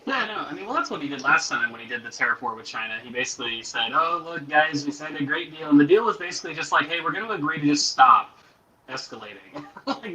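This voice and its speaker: A man's voice: medium pitch, sharp tone. A man explaining economics in a casual panel chat, rambling with hedges, on a poor microphone. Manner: rambling, hedging with fillers. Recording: poor distant mic.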